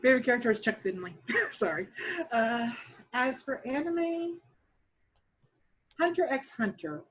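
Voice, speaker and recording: Female podcast guest; slightly high-pitched, candid and wry, easy casual delivery. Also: animated, unhurried, rough recording. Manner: candid, dry, chuckling. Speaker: podcast guest, dungeon master. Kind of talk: casual interview chat.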